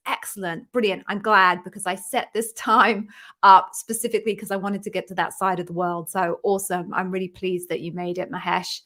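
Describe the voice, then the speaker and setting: A woman's voice: medium pitch, fairly bright tone. English woman, live-stream host, casual and upbeat, speaking from a home office. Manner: chatty, upbeat, greets viewers by name. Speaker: interview coach hosting a live Q&A. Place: home office with a ring light.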